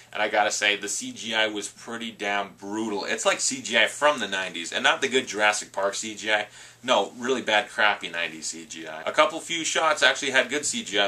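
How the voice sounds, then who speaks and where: Man, movie reviewer, casual rambling talk, lower pitch, bright tone. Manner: chatty, rambling with asides and quick impressions.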